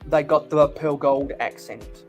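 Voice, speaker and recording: A man's voice: fairly high pitch, steady tone, soft background music. A man hosting a livestream while building sets, chatting casually with many restarts and hesitations. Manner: halting, lots of restarts. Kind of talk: casual chat.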